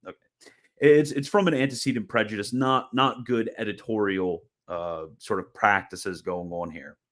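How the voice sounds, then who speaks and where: A man with a fairly low voice talks through a casual explanatory video lecture. His delivery is chatty and informal. He often doubles back on his words, and a dry, mildly sarcastic streak runs through it. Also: moderate pace, fairly bright tone. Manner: chatty and informal, repeats words and restarts phrases. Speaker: host of a theology video channel.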